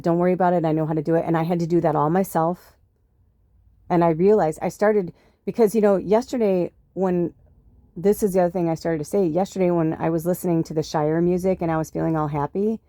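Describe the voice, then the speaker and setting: A woman's voice: low-pitched, mellow, no room sound, clean studio sound. A woman hosting a spiritual podcast, chatting loosely through a personal story with lots of fillers and retold dialogue. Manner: chatty, full of fillers, quotes others in her own voice. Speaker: podcast host.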